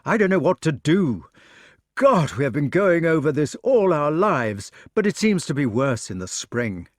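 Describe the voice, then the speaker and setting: A man's voice: medium pitch, lively intonation, measured pace, no echo, clean studio sound, close to an everyday voice. Man voicing an earnest lovesick knight. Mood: pleading. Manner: earnest, pleading.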